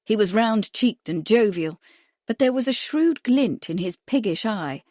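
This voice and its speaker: A woman narrates a cozy mystery audiobook from a script, her storytelling voice measured and even. Her pitch is mid-range, and the studio-quality recording has no echo.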